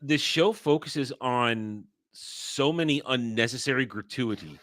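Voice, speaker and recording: A man's voice: mid-range voice, lively intonation, unhurried, fairly bright tone, no room sound. A man speaking as a guest on a casual review panel, blunt and agreeable, laughing easily.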